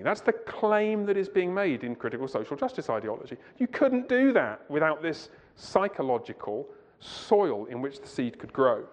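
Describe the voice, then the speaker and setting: A man's voice: fairly high pitch, big pitch swings, moderate pace, hardly any pauses, long reverb tail. Man lecturing a church audience. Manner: conversational, asks the audience rhetorical questions, digresses. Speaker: Christian conference speaker. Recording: muffled lo-fi recording.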